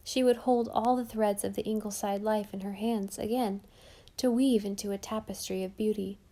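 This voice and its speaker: A woman reading a novel aloud as narrator with gentle, expressive storytelling. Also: medium pitch, normal speed. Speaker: audiobook narrator. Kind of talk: scripted narration.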